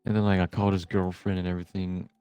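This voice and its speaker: A man's voice: sits low, flat delivery, quick pace, mellow, clear, resonant tone, dry recording, faint music behind. A young man chatting casually while gaming, telling a long rambling story full of swearing. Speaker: gamer recording with a friend.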